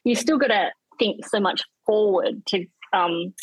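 A woman's voice: medium pitch, unhurried, husky, no room sound, poor audio. Rambling Australian woman on a dry line. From South Australia. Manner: rambling, restarts thoughts, laughs easily. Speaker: guest. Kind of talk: casual chat.

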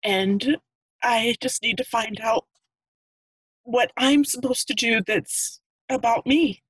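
A woman's voice: fairly high pitch, fairly bright tone, slightly rough, dry recording, rough recording. A woman in her fifties from Pennsylvania, tearfully and earnestly sharing her story as a caller on a video call. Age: 50s. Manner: earnest, halting. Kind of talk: emotional personal testimony.

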